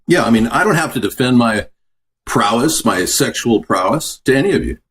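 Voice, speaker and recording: A man's voice: medium pitch, lively intonation, moderate pace, a bit bright. A man hosting a casual cooking show from his home kitchen, chatting and answering viewer comments as he goes. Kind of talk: casual live-stream cooking chat.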